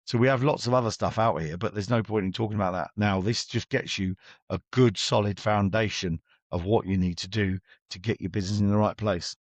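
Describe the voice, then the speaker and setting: A man's voice: fairly low pitch, steady tone, a little fast, no echo. A middle-aged man, a business coach, talking bluntly and chattily as an interview guest and acting out his exchanges with clients.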